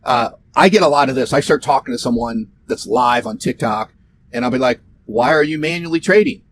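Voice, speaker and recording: A man promoting trading software in a sarcastic, mocking rant delivered straight to camera. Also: medium pitch, brisk, a little hiss or hum. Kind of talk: ranting direct-to-camera talk.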